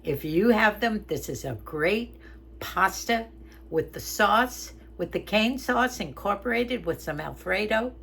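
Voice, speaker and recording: A woman's voice: mid-range voice, lively intonation, measured pace, gravelly, fairly bright tone, a little hiss or hum. A woman in her eighties, chatty and homey, talking through a cooking demonstration in her home kitchen. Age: 80s. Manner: chatty, homey, talks through each step. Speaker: home cook vlogger.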